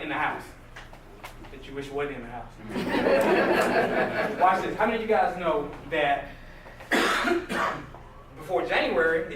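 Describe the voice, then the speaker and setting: High-voiced man in echoey hall. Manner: animated, jokey, questions the crowd. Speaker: motivational speaker. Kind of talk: live motivational talk to an audience. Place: hall with a live audience. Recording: distant echoey room recording with noise.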